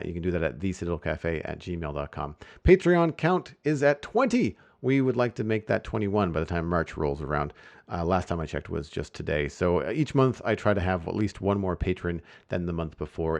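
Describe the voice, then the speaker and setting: A man hosting a podcast, chatting casually in an animated way and laughing easily. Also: low voice, vocal fry. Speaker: podcast host.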